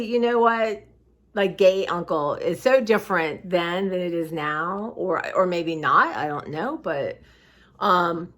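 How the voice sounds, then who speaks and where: A middle-aged woman vlogging in a casual, rambling way, reflective and heartfelt, tired and close to tears. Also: medium pitch. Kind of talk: casual personal vlog chat.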